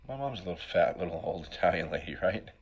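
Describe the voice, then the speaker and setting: A man's voice: sits low, animated, fast, breathy edge, dull audio. A middle-aged man telling an emotional personal story as a recovery speaker. He talks in a raw, profane way, keeps asking "right?", and sounds sniffly from allergies.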